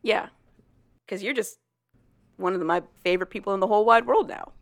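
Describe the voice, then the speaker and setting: A woman's voice: mid-range voice, brisk, vocal fry, no room sound. Bubbly woman in her late twenties, podcast co-host, casual chatty read, dry sound. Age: late 20s. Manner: bubbly, laughs often. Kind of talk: casual chat.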